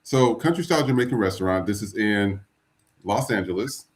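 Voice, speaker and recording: A man with a fairly low voice hosts a casual podcast. He talks in a loose, chatty way, stopping and restarting as he goes along. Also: animated, a little fast. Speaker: podcast host.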